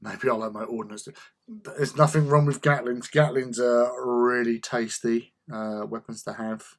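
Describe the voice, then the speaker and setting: A man's voice: medium pitch, fairly even intonation, a little slow. A man chatting casually while he paints miniatures, muttering to himself as he works. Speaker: hobby painter.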